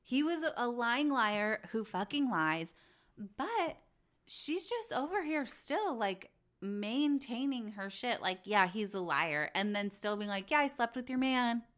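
A woman in the middle range of pitch hosts a gossip podcast in loose, casual chat. She talks bluntly, swears freely and slips into little acted quotes of other people. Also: animated, takes it slowly, a bit bright. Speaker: podcast host.

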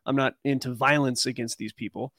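A man's voice: medium pitch, steady tone, fairly quick, a bit bright, dry recording, clean studio sound. A man talking loosely as a podcast guest, rambling through commentary with fillers. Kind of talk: casual live chat.

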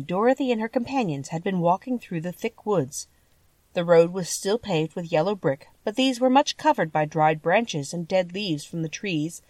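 A woman narrating a classic storybook in an expressive, measured way. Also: mid-range voice, no room sound. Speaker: audiobook reader.

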